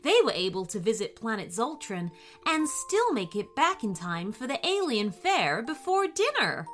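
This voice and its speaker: A woman narrating a children's story in a gentle, expressive storybook manner, giving the characters little voices. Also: mid-range voice.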